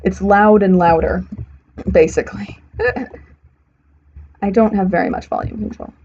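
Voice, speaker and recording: A woman's voice: medium pitch, slow, darkish tone. A young woman streaming a building game, rambling to herself as she works and often correcting herself mid-sentence. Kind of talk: casual gameplay commentary. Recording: slightly muffled stream audio, faint hiss.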